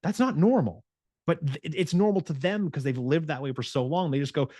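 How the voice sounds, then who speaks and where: A male fitness coach giving a motivational talk, animated and acting out his clients' inner voices, with frequent restarts and filler words. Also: on the high side, fairly quick, dry recording, clean studio sound.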